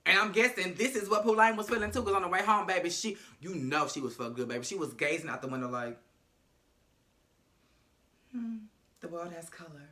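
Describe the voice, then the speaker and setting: A man's voice: high voice, fast, few pauses, bright, forceful tone. A man recapping a TV episode in a casual, sassy, profane and dramatic way. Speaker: show recapper.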